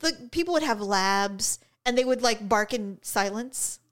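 Animated high-pitched woman co-host. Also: unhurried. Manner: animated, exasperated storytelling with sudden high exclamations. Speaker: podcast co-host. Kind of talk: casual chat.

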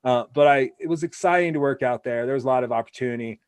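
A man's voice: medium pitch, quick pace, clean tone, no room sound. A man from Wyoming hosting a casual interview, telling rambling anecdotes full of restarts. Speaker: podcast host.

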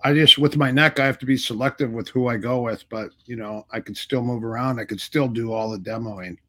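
Middle-aged guy swapping stories on a podcast, voices the people he quotes, average pitch. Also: brisk. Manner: animated storyteller acting out quoted dialogue. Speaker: martial arts instructor, guest. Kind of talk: casual storytelling interview.

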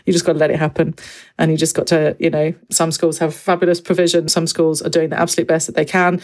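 A woman's voice: low voice, fast. A woman, a secondary French teacher and parent, chatting on a video call and acting out the voices of people she quotes. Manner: animated storyteller, acts out quoted voices. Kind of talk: casual podcast conversation.

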